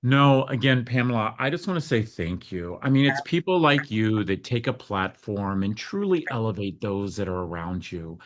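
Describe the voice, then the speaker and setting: A man's voice: lowish voice, expressive, moderate pace, few pauses. Earnest American man telling a heartfelt story. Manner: earnest, heartfelt, acts out dialogue in his story. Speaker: guest, foster care advocate. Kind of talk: emotional storytelling interview.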